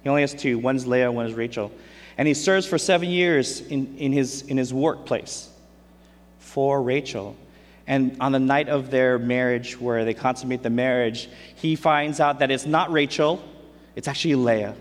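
A man's voice: mid-range voice, moderate pace. A man preaching a casual sermon, retelling scripture in everyday, conversational speech. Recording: long hall reverb.

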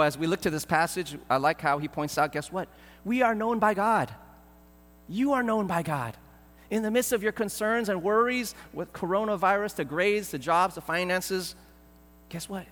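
A man preaching a sermon as pastor, earnest and pleading, often repeating words and filling pauses. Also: high-pitched, a bit bright, long reverb tail.

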